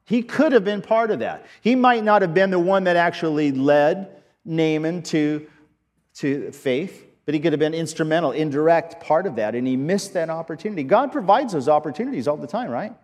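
A man preaching a sermon as pastor, earnest and halting, often restarting his sentences. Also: fairly high pitch, a little mellow, long reverb tail.

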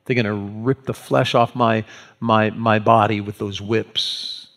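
A man voicing Jesus as a grave, steady teacher, speaking slowly, low and solemn.

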